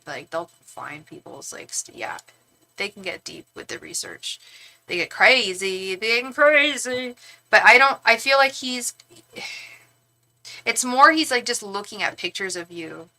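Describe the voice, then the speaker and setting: A woman's voice: mid-range voice, pushed and bright, rough recording. A woman giving a live-streamed tarot reading, chatty and reassuring, with lots of fillers and restarts and fond asides to the viewer. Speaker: tarot reader and psychic.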